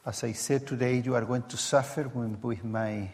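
A man from Chile preaching a sermon in English with a strong Latin American accent, halting and full of fillers. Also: medium pitch, fairly even intonation, a little mellow. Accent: Latin American Spanish. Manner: slow, halting, with many fillers. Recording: church hall with long reverb.

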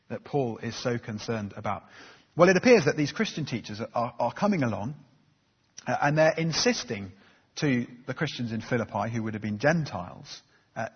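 Husky preacher in a reverberant hall. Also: male voice, mid-range voice. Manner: earnest, conversational, frequent ums and uhs. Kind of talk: sermon. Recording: dull recording in a reverberant hall.

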